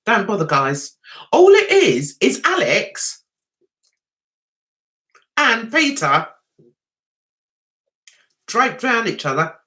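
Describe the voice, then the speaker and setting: London lady w a bit of essex, unhurried, swoops up and down loads, sarcastic live chat host. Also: mid-range voice, sing-song, fairly bright tone. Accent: London with a touch of Essex. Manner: chatty, sarcastic, teasing. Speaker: livestream host. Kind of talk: casual live chat with viewers.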